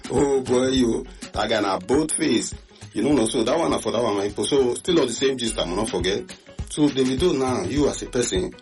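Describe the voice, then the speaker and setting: A man with a Nigerian accent hosting a radio talk show in animated, chatty Pidgin-laced English. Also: fairly low pitch. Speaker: radio host. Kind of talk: casual chat.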